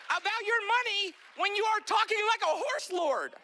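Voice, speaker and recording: A male stand-up comedian telling jokes in an animated way, often acting out voices. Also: extremely high pitch, normal speed, few pauses, a faint crowd, a little hiss or hum.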